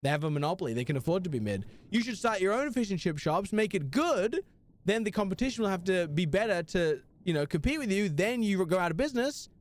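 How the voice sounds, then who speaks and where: A man's voice: high voice, very animated, fast talker. A young man live-streaming a video game, chatting casually and answering his chat with slang.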